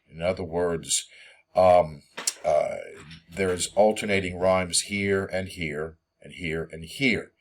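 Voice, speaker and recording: A man giving a poetry lesson, reading verse slowly and filling his explanations with ums and uhs. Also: low voice, fairly even intonation. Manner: hesitant, many ums and uhs; slow, measured reading of verse. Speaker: teacher. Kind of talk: poetry lecture.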